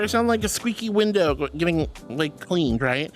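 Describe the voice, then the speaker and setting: Bubbly woman streamer with lively pitch. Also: moderate pace, faint music behind. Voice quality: squeaky laugh. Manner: bubbly, affectionate, calls viewers sweetheart and darling. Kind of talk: live-stream chat reading.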